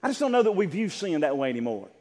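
High, lively preaching man in a reverberant hall. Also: rapid-fire. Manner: impassioned, rhythmic Bible preaching. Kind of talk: sermon.

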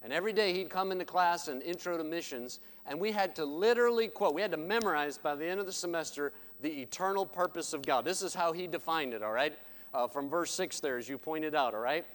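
High-voiced man preaching in a reverberant church. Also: lively intonation. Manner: swings from loud preaching to hushed, slow emphasis. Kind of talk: sermon. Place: church sanctuary.

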